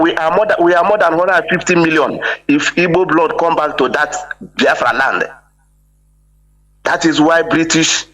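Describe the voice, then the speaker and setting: A man's voice: on the high side, fairly bright tone, low-quality recording. A man calling in to a live broadcast and speaking emphatically, often breaking off with "eh?" to press his point. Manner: emphatic, repeats "eh?" for agreement. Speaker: caller. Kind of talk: impassioned call-in speech.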